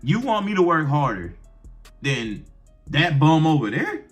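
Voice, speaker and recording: A man's voice: on the high side, very animated, a little slow, faint music behind. A young man giving blunt, profane relationship advice to camera in brash slang, firing off rhetorical questions. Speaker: advice vlogger.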